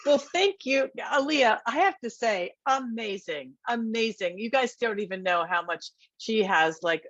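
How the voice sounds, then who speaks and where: A woman's voice: fairly high pitch, lively intonation, a little slow, fairly bright tone, no room sound. A woman instructor moderating thesis presentations over a video call, gushing with praise. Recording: dull dry video call audio.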